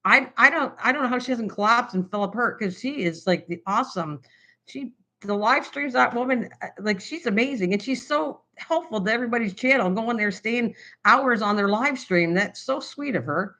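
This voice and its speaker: An older woman with a Canadian accent, hosting a casual live-stream chat about crafts, rambling with lots of fillers and restarts, hyper and excited. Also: fairly high pitch, moderate pace. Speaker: craft channel host.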